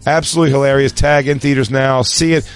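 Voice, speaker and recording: A man's voice: mid-range voice, steady tone, fast, clear, resonant tone. A man hosting a podcast, chatting in a loose, joking way and laughing between stories. Faint music sits behind his voice. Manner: joking, laughs often, reads a plug. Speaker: podcast host. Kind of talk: casual chat.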